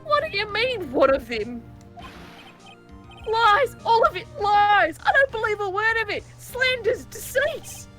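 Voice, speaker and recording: Brief: woman putting on a whiny, dramatic young guy with a fake New Zealand accent, high and indignant, faint music under it. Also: very animated, measured pace, fairly bright tone, full character voice. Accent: put-on New Zealand. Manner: over-the-top, indignant outbursts. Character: whiny young male slacker defendant, melodramatic. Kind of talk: reading game dialogue aloud.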